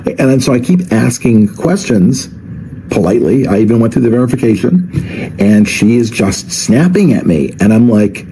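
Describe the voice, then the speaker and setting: A man's voice: medium pitch, animated, normal speed, creaky, warm tone, slight background noise, rough recording. A man vlogger telling a story in a casual, wry, chatty way.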